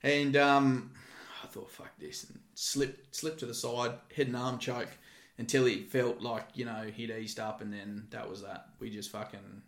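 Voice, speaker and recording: A man's voice: mid-range voice, measured pace. A man who used to work security, telling a story casually with lots of swearing. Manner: profane, lively anecdotes. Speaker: former security guard. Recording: roomy echo.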